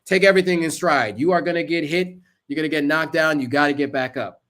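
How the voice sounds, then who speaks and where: A man's voice: fairly high pitch, fast, a bit bright. A man giving earnest, casual advice to camera, listing tips with asides along the way. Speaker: vlogger.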